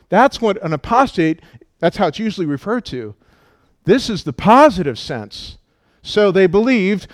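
Animated, emphatic male preacher. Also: high-pitched, no room sound, studio quality. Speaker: pastor. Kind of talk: sermon.

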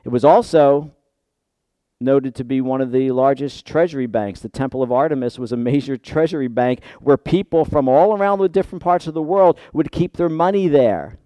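Emphatic male preacher, dark smooth voice. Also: normal speed, no echo. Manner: swings from hushed low asides to loud emphatic peaks. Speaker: pastor. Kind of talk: sermon. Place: church.

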